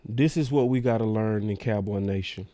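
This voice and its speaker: A man's voice: fairly low pitch, moderate pace, dark tone, no echo. A man hosting a sports talk show, ranting in a casual, slangy way.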